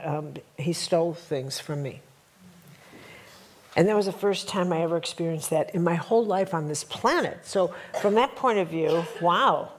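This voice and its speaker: Animated woman teaching a workshop. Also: fairly low pitch. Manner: animated, storytelling, addresses audience with rhetorical checks. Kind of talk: live workshop talk. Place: workshop room before a live audience.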